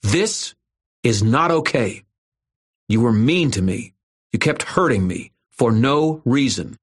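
A man's voice: medium pitch, expressive, slow, voice pushed up. A man voicing a big, strong young boy who snarls firm warnings, in an audiobook. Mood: firm anger. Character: large, strong young boy, angry but kind.

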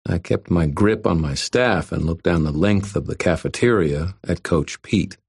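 A man narrates a first-person fantasy story at a steady, measured pace. His voice is very deep with a husky, slightly rough texture. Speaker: audiobook narrator.

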